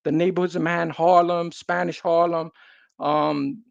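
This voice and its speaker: A man's voice: on the high side, flat delivery, normal speed, gravelly, no echo, lo-fi sound. A man, talking casually and emphatically in street slang as a guest. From New York City. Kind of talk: casual conversation.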